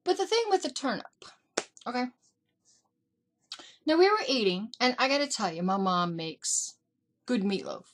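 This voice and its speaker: A middle-aged woman vlogger telling family stories in a casual, animated way, acting out what her relatives said. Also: on the high side, normal speed, long pauses. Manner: animated, acts out family members in quotes. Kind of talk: casual storytelling. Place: indoors.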